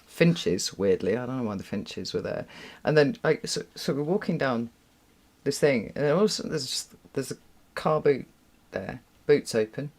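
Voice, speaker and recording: British woman, tarot reader hosting a home live stream. Casual, rambling, quick to laugh, swears freely. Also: extremely low pitch, expressive, a little mellow. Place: room at home with a window.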